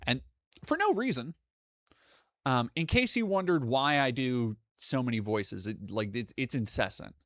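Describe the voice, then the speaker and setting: A man's voice: medium pitch, lively intonation, measured pace, fairly bright tone, dry recording, clean studio sound. A young man hosting a live stream, chatting casually and reading donations, rambling with frequent restarts and swearing. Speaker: streamer host.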